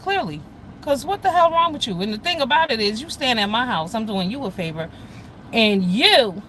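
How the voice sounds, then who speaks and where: On a casual livestream, a woman rants loudly and bluntly, swearing as she speaks straight to the viewers in her chat. Her voice sits on the high side, bright and cutting, and the rough recording picks up faint traffic noise behind her.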